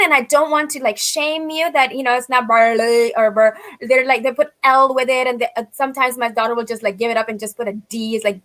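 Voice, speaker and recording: A woman's voice: fairly high pitch, fairly even intonation, fast, few pauses, a bit bright. A woman guest speaking earnestly in a panel conversation, leaning on "you know" as she thinks aloud. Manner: earnest, filler-heavy with frequent "you know".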